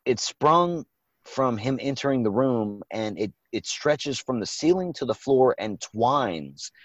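A man's voice: mid-range voice, animated, a little slow, dry recording, dull audio. A man hosting a podcast, reviewing a movie in casual, profane, rambling chat. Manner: profane, rambling, acts out quotes. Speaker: podcast host.

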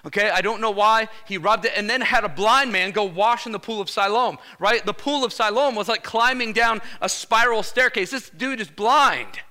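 A male pastor preaching a lively sermon, energetic and casual, calling out "Amen?" to the congregation. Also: sits high, moderate pace, hardly any pauses. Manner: energetic, casual slang, repeated "Amen?" calls.

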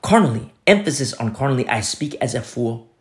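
A man preaching a sermon, acting out quoted speakers with sudden swings between loud, high calls and low, hushed asides. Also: fairly quick. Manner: dramatic, voicing quoted speakers with big swings in pitch and loudness. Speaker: pastor.

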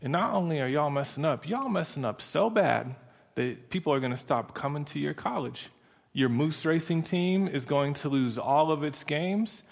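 A man's voice: fairly high pitch, normal speed, creaky, long reverb tail. A man playing a ranting chaplain who scolds his listeners and predicts ruin in a drawling, preachy voice. The tone is loose and half-joking, close to the performer's own voice. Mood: scolding.

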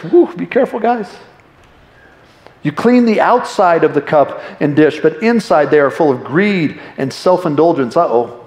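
A man's voice: on the high side, lively intonation, moderate pace, a little mellow. A middle-aged male pastor giving a conversational, jokey sermon to his congregation. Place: church hall. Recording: echoey church room.

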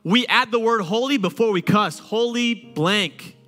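A male pastor preaches in a chatty, animated way, full of jokes and repeated phrases. His voice sits fairly high. It rings through a large hall with a long echo and soft music behind him. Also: measured pace. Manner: animated, conversational preaching with humor and repetition. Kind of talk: sermon.

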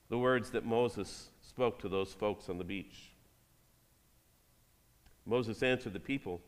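A man's voice: lowish voice, in a large hall. A man, a pastor, giving a sermon. He reads scripture aloud and then speaks directly to the congregation.

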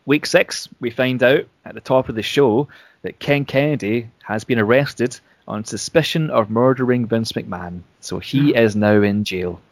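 A man's voice: mid-range voice, normal speed, no echo. A man casually retelling a wrestling storyline, rambling with restarts and fillers.

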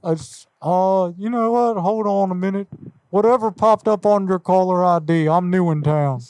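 A man's voice: high-pitched, normal speed, a little mellow, no echo, close to an everyday voice. A man putting on a folksy middle-aged Texan cartoon dad during a prank call, drawling and repeating his catchphrase. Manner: drawling, folksy, repeats "I tell you what".

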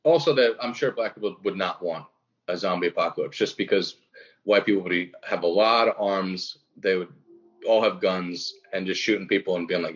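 Low-voiced joking young man, lo-fi. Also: fairly quick. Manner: profane, joking, acts out bits. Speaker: podcast co-host. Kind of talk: casual comedic chat. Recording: dull lo-fi recording.

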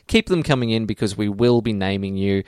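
An Australian man co-hosting a podcast, chatting casually, laughing often and reading out listener shout-outs. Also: fairly low pitch, brisk, clear, resonant tone, dry recording, clean studio sound. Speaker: podcast co-host.

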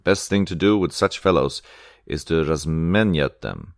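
A harsh, commanding revolutionary prosecutor, read by a man in a storybook reading, blunt and scornful. The voice sits very low and the sound is dry and close. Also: a little fast, dry recording.

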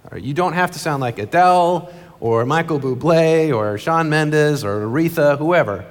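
A male pastor preaching an earnest, conversational sermon from a church stage, with quick asides. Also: fairly high pitch. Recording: long reverb of a large hall.

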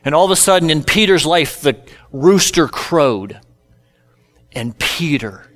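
Slow, storytelling male pastor. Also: on the high side, lively intonation, fairly bright tone. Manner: storytelling, acts out scripture in casual modern speech. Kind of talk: sermon.

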